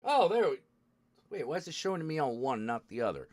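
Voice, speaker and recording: A man's voice: a little high, sing-song, fast, darkish tone. Muttering man fighting with his tech. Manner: frustrated muttering, swearing at tech. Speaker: streamer host. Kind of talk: casual live-stream chat.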